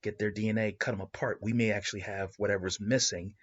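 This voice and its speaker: A man's voice: on the low side, steady tone, fast, husky. A man playing a calculating corporate chemist. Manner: musing, calculating. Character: scheming male corporate chemist. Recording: dull lo-fi recording.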